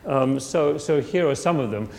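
A man's voice: on the high side, expressive, moderate pace, gravelly, darkish tone. Conversational male preacher in a reverberant hall. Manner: conversational, with frequent restarts and rhetorical questions. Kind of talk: sermon.

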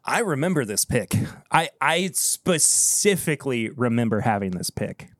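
A man's voice: big pitch swings, normal speed, no room sound, clean studio sound. A man co-hosting a casual podcast, chatting with his friend and plugging the show with upbeat energy. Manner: upbeat, plugs the show with a pitch. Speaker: podcast co-host. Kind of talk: casual chat.

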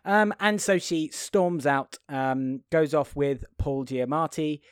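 A man's voice: on the high side, smooth, no room sound. A man recaps a film in casual podcast chat, stopping and restarting often with plenty of fillers. The recording is dry and close, with almost no room sound. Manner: halting, with frequent fillers and laughs. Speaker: podcast co-host.

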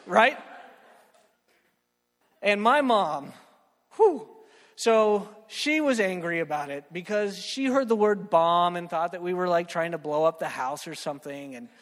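A young man with a high, bright voice preaches a lively sermon, joking and checking in with "right?" after nearly every point. His voice rings with a long hall reverb, as if filling a church. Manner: animated, joking, keeps asking "right?".

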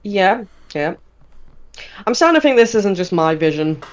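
A woman's voice: medium pitch, very animated, normal speed. A woman playing in a tabletop game, speaking in a wry, casual way with fillers. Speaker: player.

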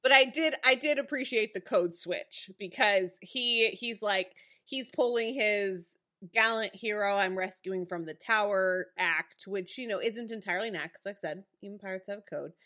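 A woman's voice: medium pitch, normal speed, few pauses, pushed and bright. A woman co-hosting a podcast, chatting casually about a TV episode, laughing often and acting out characters' lines. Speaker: podcast co-host. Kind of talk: casual chat recapping a TV episode.

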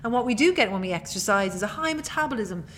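A woman's voice: mid-range voice, lively intonation, fast, a bit bright. Woman chatting on her own podcast, chatty and self-mocking, faint hiss behind. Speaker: podcast host. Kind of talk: casual motivational monologue.

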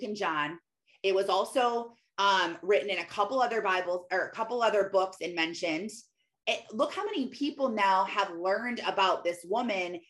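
A woman's voice: on the high side, a bit bright. Conversational woman retelling scripture. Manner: conversational retelling with frequent "like" fillers. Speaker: mother sharing faith reflections. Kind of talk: casual devotional talk on scripture.

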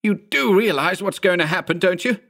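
A man doing a shrill, panicked balding man. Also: animated, moderate pace, gravelly, heavily acted. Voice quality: shrill, swearing yells. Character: panicked balding thirty-year-old man, foul-mouthed.

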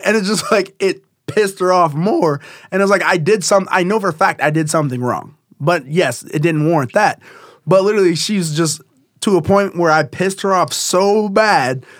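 A man's voice: high-pitched, moderate pace, a bit bright, dry recording, studio quality. A man telling a personal story in casual conversation, rambling with many fillers and restarts.

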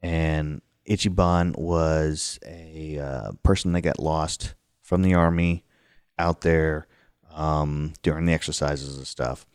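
Deep-voiced man telling a spooky tale. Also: takes it slowly, clean tone, dry recording. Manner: animated, acts out the scares with sudden high outbursts. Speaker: guest telling a story. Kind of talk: casual storytelling. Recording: dry close sound.

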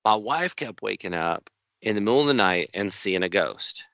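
A man casually telling a long story on a podcast, unhurried and folksy, acting out the other people in it. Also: on the low side, expressive, fairly bright tone, no room sound. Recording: dull, slightly lo-fi dry studio sound.

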